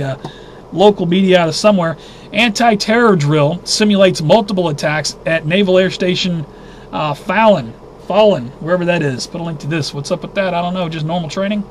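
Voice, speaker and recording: Hosting his weekly news briefing, a man with a high voice offers casual roundup commentary in an agitated, indignant manner. He thinks out loud and keeps restarting, and slight background noise can be heard.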